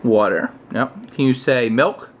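An American man chatting casually with his toddler on camera, using playful baby talk and high, coaxing questions. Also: unhurried, slight background noise. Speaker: parent vlogger.

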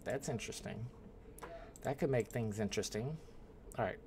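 A man's voice: medium pitch, normal speed, a little mellow, a little hiss or hum. A man hosting a casual livestream from home, rambling and thinking aloud as he greets people in the chat. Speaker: livestream host.

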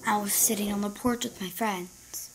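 A woman's voice: mid-range voice, fairly even intonation, moderate pace, a little hiss or hum, low-quality recording. A female vlogger telling a dramatic story about her injured ankle to the camera, chatty and sometimes dropping into a whisper.

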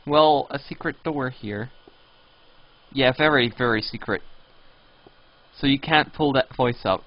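A young man streams a game live, joking around and teasing his viewers, and occasionally lets out high, squealing pleas. He talks without hurry, there's no echo, and the stream audio sounds dull and lo-fi.

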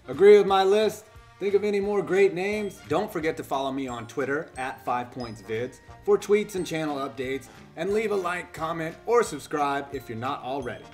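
A male host narrating a scripted comedy countdown with a sarcastic, teasing delivery. His voice sits a bit above the usual male pitch. Faint music plays under the voice-over. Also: animated, moderate pace, a little mellow. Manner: sarcastic, joking, innuendo-heavy. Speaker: YouTube channel host.

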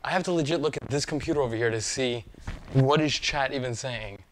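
A man streaming a pinball game, chatting casually and excitedly, often laughing in disbelief and swearing now and then. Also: mid-range voice, a little fast, slight background noise. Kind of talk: live-stream reaction chat.

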